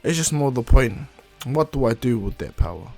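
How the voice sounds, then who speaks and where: A man voicing a calm, self-assured young male ninja prodigy who speaks quietly. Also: medium pitch, moderate pace, gravelly, faint music behind.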